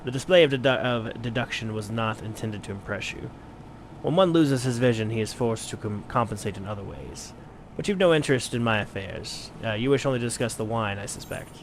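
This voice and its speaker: A man's voice: medium pitch, slight background noise, close to an everyday voice. Man reading a genteel blind wine merchant. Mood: courteous. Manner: measured, courteous, wordy. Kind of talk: let's play voice acting.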